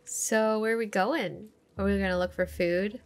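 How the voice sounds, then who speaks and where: A young woman hosting a let's play, excitable and gasping, cooing over the game's cat. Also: mid-range voice, moderate pace. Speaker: gaming channel host. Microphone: desk condenser microphone.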